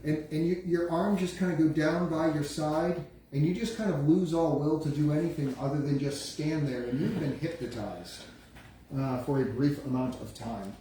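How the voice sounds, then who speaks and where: A man narrating as game master of a live tabletop session, with halting, descriptive speech and frequent restarts. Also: on the high side, dark tone. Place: room around a gaming table. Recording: echoey room, distant mic, faint noise.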